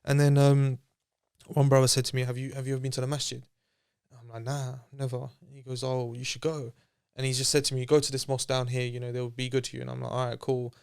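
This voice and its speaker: A man with a clean, resonant voice tells his story at a quick clip. He talks casually and loosely with plenty of slang, and slips into lively impressions of the people he quotes. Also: mid-range voice, gravelly, clean tone. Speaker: interview guest.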